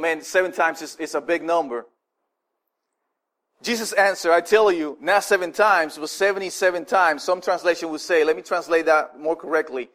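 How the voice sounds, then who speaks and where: A male preacher teaching on forgiveness in a relaxed, conversational way, often restarting phrases and asking the listeners questions. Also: high-pitched. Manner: informal, repeats and restarts, asks the listeners questions. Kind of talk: casual conversational sermon.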